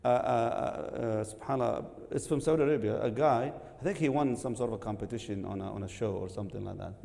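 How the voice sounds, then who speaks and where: Lively storytelling man in an echoing hall. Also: medium pitch, fast talker, creaky. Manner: lively, laughing, acts out quotes. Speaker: co-speaker at a religious gathering. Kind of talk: animated storytelling reminder.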